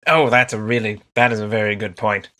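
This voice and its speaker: A man's voice: on the low side, fairly even intonation, brisk, bright, forceful tone. A man playing a tabletop game, speaking in an easygoing way. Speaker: player. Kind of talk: casual tabletop play.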